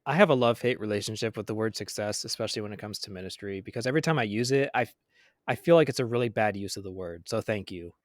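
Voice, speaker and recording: A man, a pastor co-hosting a podcast, talking things over in a measured, reflective way. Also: fairly low pitch, no echo, clean studio sound. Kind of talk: casual chat.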